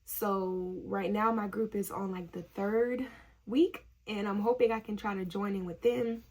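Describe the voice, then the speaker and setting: Gravelly, husky young woman telling a story. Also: medium pitch, fairly even intonation, a little slow, darkish tone. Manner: chatty storytelling, laughs often, fills with "like". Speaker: vlogger, nursing student. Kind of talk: casual story-time chat.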